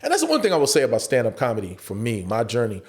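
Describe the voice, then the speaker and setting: Fast, lively man telling stories. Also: mid-range voice. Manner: animated, profane, acts out quoted voices. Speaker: interview guest, actor and stand-up comedian. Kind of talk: casual interview storytelling.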